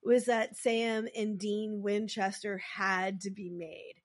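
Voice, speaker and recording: A woman's voice: mid-range voice, little pitch movement, slow pace. A woman co-hosting a podcast, chatting casually and opinionatedly, with lots of "like". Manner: chatty, opinionated, heavy use of "like". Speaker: podcast co-host. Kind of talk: casual recap chat.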